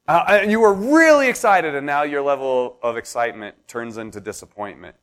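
A man's voice: expressive, brisk, hardly any pauses, fairly bright tone. A man preaching a sermon as pastor, telling the story in a conversational way with everyday examples and building intensity. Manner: storytelling, builds to impassioned pitch.

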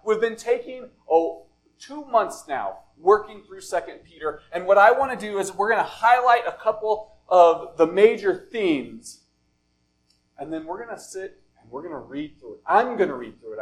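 A male pastor preaching a sermon in deliberate phrases, often falling soft and low at the end of a thought. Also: low-quality recording.

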